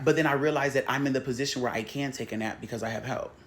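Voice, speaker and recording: A man hosting a spiritual healing show, talking in a casual, animated, profane and playful way. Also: mid-range voice, rapid-fire. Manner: animated, profane and playful, acting out quoted voices.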